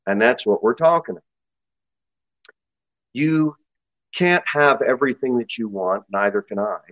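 A man's voice: mid-range voice, unhurried, no room sound, highs cut off. A man preaching an expository sermon in a church, emphatic and acting out story voices. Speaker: pastor.

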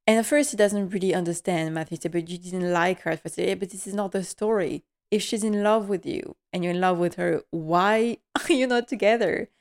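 A woman's voice: mid-range voice, brisk, hardly any pauses. A woman host giving a casual, gushing episode recap, emotional and full of fillers.

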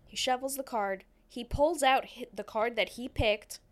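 A woman with a fairly high voice retells a film's plot on a casual podcast. Her delivery is loose and slangy, with cursing. She stumbles over names and corrects herself as she goes. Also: moderate pace. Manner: rambling, self-correcting. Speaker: podcast co-host recapping a film. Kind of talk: casual chat.

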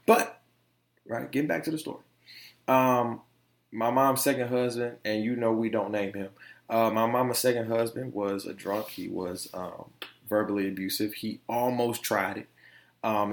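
Man, podcast host, casual storytelling, profane, animated, roomy echoey sound. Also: fairly low pitch, creaky. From Detroit, USA. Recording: roomy echo.

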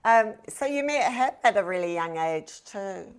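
A woman's voice: medium pitch, lively intonation, unhurried. A woman hosting a podcast interview, asking easy questions and encouraging her guest with short affirmations. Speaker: podcast host. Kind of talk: casual conversational interview.

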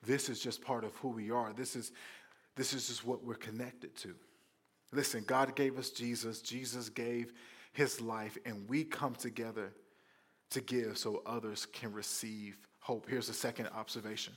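A male pastor preaching a sermon in a conversational, animated way, with playful asides to the congregation. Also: medium pitch, measured pace, breathy edge.

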